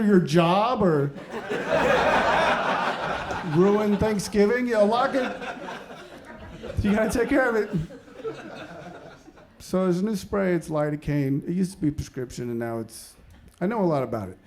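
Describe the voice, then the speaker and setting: A man in his thirties doing stand-up comedy, swinging between mumbled asides and loud outbursts. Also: sits high, unhurried, long pauses, heavy background noise. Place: comedy stage before a live audience. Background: audience laughter.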